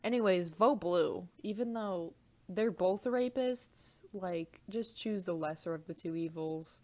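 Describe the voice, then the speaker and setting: A woman's voice: lowish voice, unhurried. A young woman chatting casually in a vlog at home, rambling and swearing while she eats. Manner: profane, rambling, animated banter; talks while eating. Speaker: vlogger. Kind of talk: casual mukbang vlog chat.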